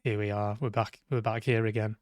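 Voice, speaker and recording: A man's voice: on the low side, level tone, a little fast, no room sound, clean studio sound. A man giving sweary, sarcastic live commentary on a game he is playing, talking back at the characters. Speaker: game streamer. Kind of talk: live let's-play commentary.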